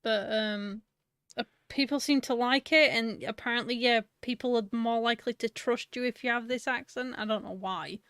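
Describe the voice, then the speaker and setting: A woman with a Yorkshire accent joins the stream with relaxed, matter-of-fact remarks. Her voice is smooth and clear, and the sound is dry with no room echo. She chats at an easy, unhurried pace. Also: on the high side. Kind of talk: casual chat as a co-host.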